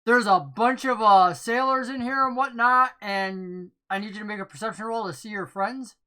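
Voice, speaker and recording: A woman's voice: mid-range voice, moderate pace, pushed and bright. A woman narrating as game master in a casual tabletop role-play session, laughing often and briefly voicing other characters.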